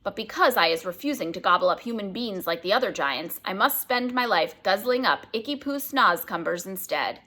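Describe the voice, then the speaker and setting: A woman voicing a huge, kindly old male giant who booms and mangles his words cheerfully, reading a children's book aloud. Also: lively intonation, normal speed, hardly any pauses, pushed and bright. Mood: earnest, boastful.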